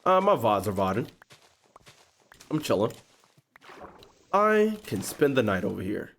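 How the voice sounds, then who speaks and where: A man hosting a gaming video, telling a story in a slangy, expressive way and often breaking into laughter. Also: lowish voice, measured pace, vocal fry, a little hiss or hum. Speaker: gaming YouTuber host. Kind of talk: animated storytime while playing a game.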